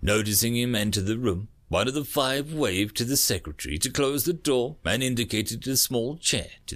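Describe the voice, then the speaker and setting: A man's voice: normal speed, hardly any pauses. A man narrating a science fiction short story as an audiobook reader, reading expressively. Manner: expressive reading with lively pitch.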